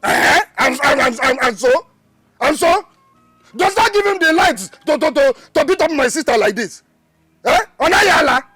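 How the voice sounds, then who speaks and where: An actor with a Nigerian accent playing a hot-tempered young man who stammers and shouts while defending his sister in a film. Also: very high voice, lively intonation, moderate pace, soft background music, full character voice. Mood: angry. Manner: stammering, shouting, repeats words. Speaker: actor playing a protective older brother. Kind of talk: Nollywood film acting.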